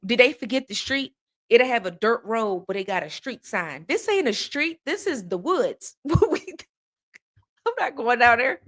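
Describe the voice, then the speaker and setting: A woman from the American South hosting a casual chat with viewers, animated and jokey, with exaggerated disbelief. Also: fairly high pitch, a little slow. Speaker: host.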